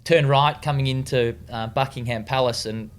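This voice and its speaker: Over slight background noise, a man with a medium-pitched, steady voice speaks at normal speed in an Australian accent. As a guest in a casual interview, this retired distance runner tells laid-back stories, swearing freely and full of fillers and false starts.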